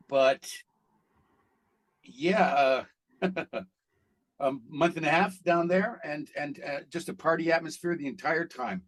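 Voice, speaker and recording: Male actor guest, a lively and blunt storyteller with a slightly high voice. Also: slow pace, pauses often. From Canada. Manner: animated storyteller, blunt and profane. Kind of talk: casual interview chat.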